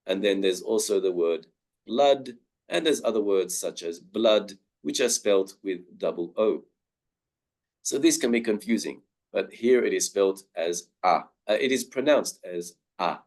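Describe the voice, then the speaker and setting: Slow, lively-pitched man teaching pronunciation. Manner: drawn-out example words with lively pitch. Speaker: webinar presenter on pronunciation. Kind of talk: slow, careful pronunciation lesson.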